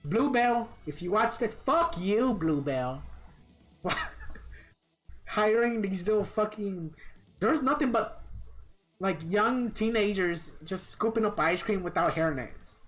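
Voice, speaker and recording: A woman's voice: mid-range voice, lively intonation, unhurried, soft background music. A woman game streamer telling a long, rambling story in blunt, profane, complaining casual chat.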